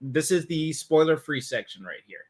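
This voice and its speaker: A man hosting a casual film review chat, joking and animated, often restarting his sentences. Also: fairly high pitch, moderate pace, slightly rough. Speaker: podcast host reviewing a film.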